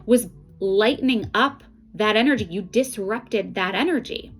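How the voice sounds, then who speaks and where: A middle-aged woman speaks as an intuitive card reader, giving casual spiritual guidance straight to the viewer. Her pitch sits in an ordinary middle range for a woman. She talks earnestly and conversationally, often checking in with "right?" and "okay?". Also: measured pace, slightly rough, faint music behind, poor audio.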